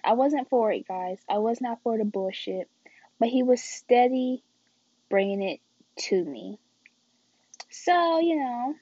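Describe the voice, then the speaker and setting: Chatty teenage girl, husky, lo-fi. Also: fairly high pitch, a little mellow, no echo. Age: teens. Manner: chatty, keeps addressing viewers as y'all and guys. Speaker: vlogger telling a story. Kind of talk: casual storytime vlog.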